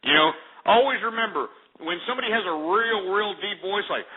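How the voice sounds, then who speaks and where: A man's voice: high-pitched, lively intonation, fairly quick, slightly rough. A man hosting a call-in radio show, ranting and hurling insults at callers. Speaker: radio talk show host. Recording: lo-fi phone-like radio audio.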